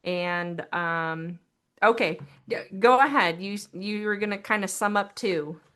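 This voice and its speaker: A woman co-hosting a casual podcast, explaining TV plot points hesitantly, with frequent pauses and restarts. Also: medium pitch, a bit bright, clean tone. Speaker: podcast co-host, daughter. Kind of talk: casual chat recapping a TV show.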